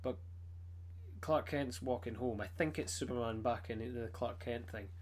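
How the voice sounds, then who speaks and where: A man chatting casually about comic books, animated as he retells scenes. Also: mid-range voice, normal speed, slight background noise. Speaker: comic collector. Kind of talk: casual chat.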